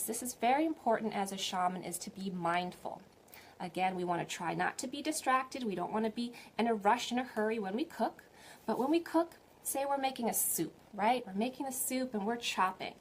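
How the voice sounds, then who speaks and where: Gentle woman teaching spirituality online. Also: fairly high pitch, lively intonation, normal speed, breathy edge. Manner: gentle, encouraging, asks viewers questions. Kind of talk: live online teaching talk.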